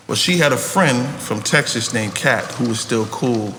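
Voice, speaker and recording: Animated man telling a profane story. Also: medium pitch, moderate pace. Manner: animated, profane, acts out quotes. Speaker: podcast guest. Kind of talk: casual storytelling chat. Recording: roomy echo with background noise.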